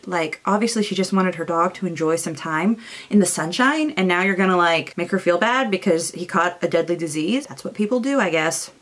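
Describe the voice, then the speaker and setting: A young woman casually summarizing a novel's plot, chatty and acting out characters in quick asides. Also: lowish voice, a bit bright. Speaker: booktuber.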